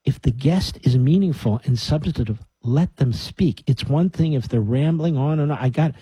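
Emphatic male radio host, dark husky voice. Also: mid-range voice, moderate pace, no echo. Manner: emphatic, animated, mocking asides. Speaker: radio talk show host. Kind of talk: radio monologue. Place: radio studio.

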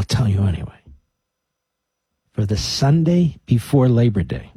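A man's voice: mid-range voice, expressive, normal speed, long pauses, mellow, breathy edge, no room sound. A man hosting a radio talk show, giving an emphatic monologue to his listeners with mocking asides. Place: radio studio.

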